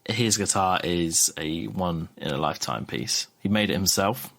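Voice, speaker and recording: A man narrating scenes in a loose, excited improvised role-play. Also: low voice, moderate pace, creaky. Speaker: podcast guest.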